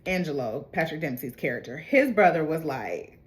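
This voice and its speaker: A young woman talks through a TV episode in a loose, chatty way. She drops into quick impressions of the characters as she retells the plot, then slips back into her own easy slang. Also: deep voice, very animated. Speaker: TV recap host. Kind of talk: casual recap chat.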